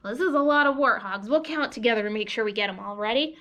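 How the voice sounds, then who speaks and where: A woman's voice: high voice, animated, fast, few pauses, pushed and bright. A woman leading a children's story time, reading and singing in a cheerful, sing-song way. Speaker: children's librarian. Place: library.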